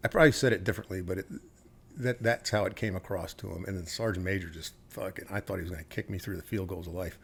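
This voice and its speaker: A middle-aged man from the United States talks as a guest on an interview podcast, his voice sitting fairly low. He tells his stories in a casual, blunt way, swearing freely and acting out bits of quoted dialogue. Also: fast talker, creaky, fairly bright tone, slight background noise. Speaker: podcast guest, retired Army officer.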